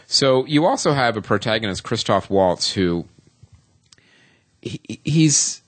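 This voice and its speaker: A man's voice: on the low side, lively intonation, slow pace, a bit bright, dry recording. A man co-hosting a film podcast, reviewing a movie in casual chat, rambling with many ums and restarts.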